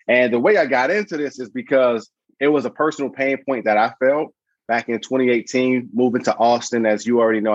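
Man, 30s, podcast guest. Lively storyteller who mimics voices, mid-pitched, dry, slightly dull sound. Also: dry recording. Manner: animated, acts out voices in anecdotes. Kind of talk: casual storytelling.

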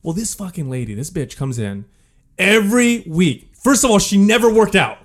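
Profane storytelling man, lively pitch. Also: normal speed. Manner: animated, profane, laughs while telling. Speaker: podcast co-host. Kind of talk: casual storytelling.

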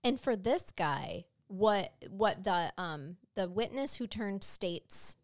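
A woman co-hosting a true-crime podcast, recounting the case in casual chat, with frequent restarts and quick agreement. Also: medium pitch, lively intonation, dry recording, clean studio sound. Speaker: podcast co-host.

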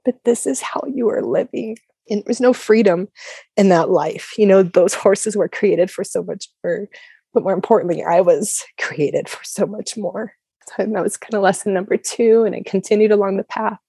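A woman's voice: medium pitch, steady tone, moderate pace, warm tone, husky, dry recording, clean studio sound. A woman from Colorado telling her personal faith story as a guest, candid and chatty with lots of "like" and "you know.". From Colorado, USA. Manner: earnest and open. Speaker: guest sharing her testimony.

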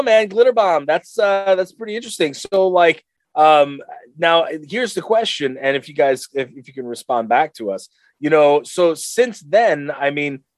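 A man's voice: a little high, dry recording. A man co-hosting a podcast, chatting casually in a rambling, laid-back way with lots of fillers. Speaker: podcast co-host. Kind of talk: casual chat.

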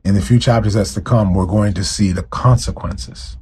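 A man's voice: fairly low pitch, normal speed, dark tone, breathy edge. A man preaching as pastor, fervent and direct with his listeners, driving points home with repeated rhetorical questions. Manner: admits to ranting, addresses listeners directly. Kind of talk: sermon.

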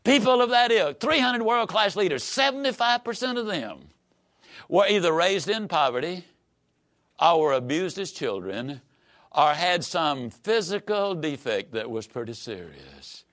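A man giving a motivational speech in an emphatic, preacher-like way, swinging from loud rises to low, quiet drops. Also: sing-song, measured pace. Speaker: motivational speaker.

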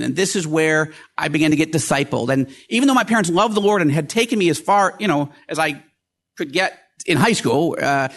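A middle-aged man hosting a podcast, telling a personal story in a lively, animated way and acting out the quoted voices. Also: gravelly. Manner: animated, acts out quoted voices with rising pitch. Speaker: podcast host.

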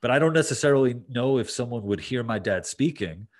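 A man's voice: medium pitch, animated, fairly quick. A man hosting a podcast, talking casually with lots of fillers and restarts. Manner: rambling, many fillers and restarts. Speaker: podcast host. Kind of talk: casual conversation.

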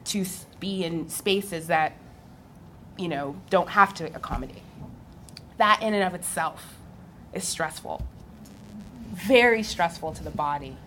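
A young adult woman on a live panel, telling her story in an animated way and laughing often. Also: lowish voice, unhurried, pauses often, slight background noise. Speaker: physical therapist on a panel.

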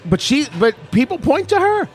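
A man hosting a podcast in casual chat, animated and opinionated, often restarting his sentences. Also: very high-pitched, normal speed, faint music behind. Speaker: podcast host.

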